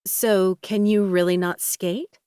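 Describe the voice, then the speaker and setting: A woman voicing a gentle, reassuring young woman, the romantic lead of an audiobook. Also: medium pitch, steady tone, slow, clear, resonant tone, no echo, studio quality, natural voice.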